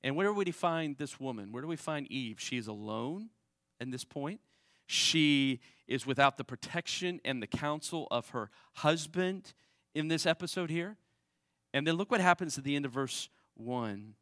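A man's voice: expressive, moderate pace, no echo. Conversational male pastor preaching, dry sound. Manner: conversational preaching with frequent "right?" asides; swings between raised emphasis and quiet low asides. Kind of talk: sermon.

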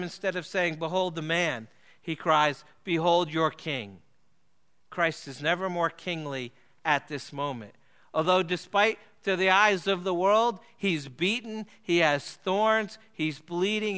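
A man preaching a sermon, earnest and emphatic, slowing and dropping his voice low to stress key phrases. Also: sharp tone, clean tone.

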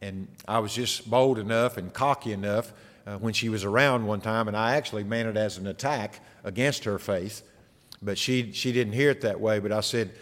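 A pastor preaching a sermon, earnest and full of rhetorical questions. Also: male voice, fairly low pitch, normal speed, a bit bright. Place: church sanctuary. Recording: long hall reverb.

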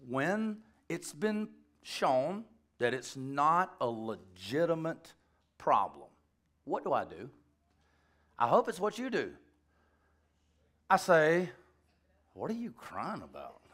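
Animated, bright-voiced male preacher. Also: on the high side, slow pace, long pauses. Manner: animated, joking, rambling asides. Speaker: pastor. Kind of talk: sermon.

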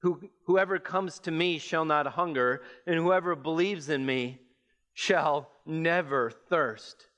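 A man preaching a sermon, reading scripture and explaining it with measured emphasis. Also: fairly bright tone. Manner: measured, emphatic preaching that rises in pitch as it builds.

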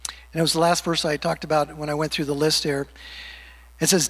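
A man preaching a sermon to his congregation, joking easily and slowing down to read scripture aloud. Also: a little high, level tone, fairly bright tone, husky. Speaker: pastor. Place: church sanctuary. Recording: long hall reverb.

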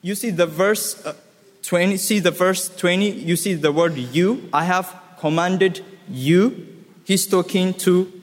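Male preacher, unhurried sermon delivery, slightly high voice, long hall reverb. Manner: slow, emphatic, repeats key words.

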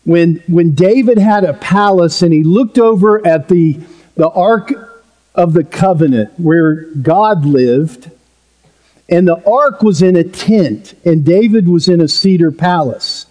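A man's voice: sits high, takes it slowly, darkish tone. A male pastor preaching a sermon in an earnest, emphatic way, with playful asides.

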